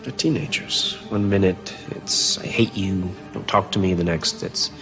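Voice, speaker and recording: Wry man, low gravelly voice, music behind. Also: measured pace, poor audio. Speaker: film character. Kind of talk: film dialogue.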